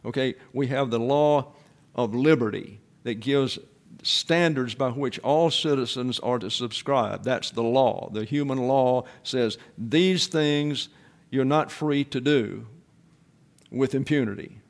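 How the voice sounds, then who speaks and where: Man, bible class sermon, step-by-step explaining, middle pitch. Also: takes it slowly. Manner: didactic, repeats "okay" and explains terms step by step. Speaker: Bible teacher.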